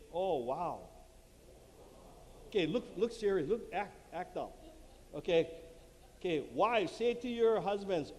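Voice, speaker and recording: A man whose voice sits high and sounds a little mellow gives a lively marriage conference talk to a live audience in a church hall, acting out little quotes and laughing at his own jokes. The recording, made on a handheld mic, has long hall reverb and faint room noise.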